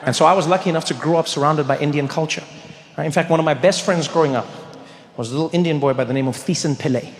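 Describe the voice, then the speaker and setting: A man doing stand-up comedy, telling stories with animation and bursting into loud shouts. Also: fairly high pitch. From South Africa. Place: large theater stage. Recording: reverberant hall, faint noise.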